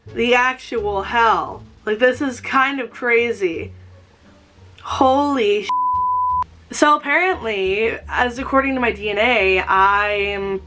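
Excitable woman vlogger, casual rambling chat with light swearing, faint music behind. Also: fairly high pitch, takes it slowly. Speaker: YouTuber. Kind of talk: casual vlog.

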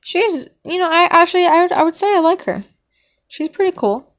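With a very high, brisk, fairly bright voice, this woman offers loose, wandering commentary as she ranks cartoon characters for her vlog. She drifts off into ums and hums and occasionally bursts into playful indignation.

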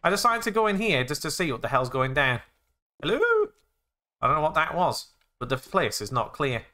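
A young man playing a zombie game, excitable and jokey, narrating his actions with "I said". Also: a little high, fairly quick. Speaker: gaming YouTuber.

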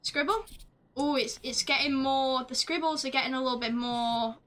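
A woman streaming a game live, chatting along as she plays, swearing freely and shouting at the screen. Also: high voice, fairly even intonation, normal speed, slight background noise. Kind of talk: live gameplay commentary.

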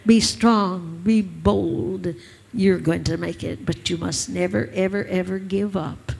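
A woman's voice: lowish voice, steady tone, takes it slowly, creaky, a little mellow, breathy edge. A woman pastor preaching a sermon, urging her listeners with emphatic, repeated lines. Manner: emphatic, repetitive exhortation.

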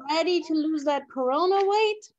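A woman guest on a livestream, chatting in an upbeat, excited way over a video call. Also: extremely high pitch, normal speed, lo-fi sound, a crowd in the background. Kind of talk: casual chat.

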